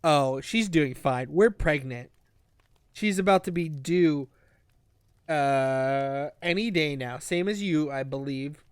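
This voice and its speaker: A man doing a low, resigned young man. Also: takes it slowly, smooth, no room sound, clean studio sound. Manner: low, soft and subdued. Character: resigned young man who won't come home.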